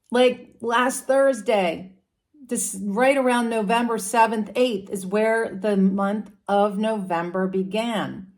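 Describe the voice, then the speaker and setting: Woman telling a chill astrology story, slow and easy, mid pitch. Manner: casual, with animal characters and fillers. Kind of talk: storytelling explanation.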